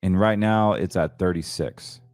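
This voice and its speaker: Chatty low-voiced man talking markets. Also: unhurried, darkish tone, dry recording, faint music behind. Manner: chatty, emphatic, stumbles and self-corrects. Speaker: financial show host. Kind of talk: casual market commentary.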